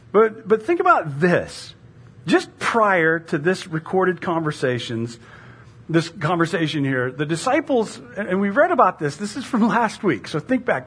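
Lively, husky-voiced woman preaching. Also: lowish voice. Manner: animated, conversational preaching with rhetorical questions and laughs. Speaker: pastor. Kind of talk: sermon.

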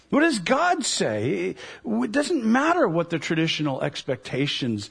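Man, sermon, high voice, husky, animated storyteller. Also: measured pace. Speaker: pastor.

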